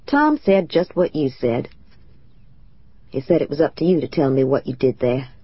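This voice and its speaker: A man's voice: mid-range voice, sing-song, moderate pace, slightly rough, dry recording, lo-fi sound, pitched below the performer's own voice. A woman voicing a stern, blunt grown man. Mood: reproachful. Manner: reproachful, blunt. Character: stern proud grown man, a worried husband.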